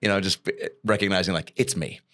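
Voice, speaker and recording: A man guesting on a podcast, an actor and comedian telling animated, joking stories in casual chat. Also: low voice, fast talker, no echo. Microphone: studio headphones and mic.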